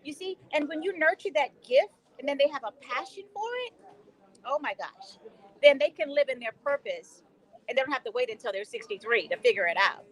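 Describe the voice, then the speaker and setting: Woman in her sixties, high-pitched, very lively intonation, emphatic storyteller on a talk show. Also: a little fast, rough recording. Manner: animated, emphatic, quotes herself in dialogue. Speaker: guest educator.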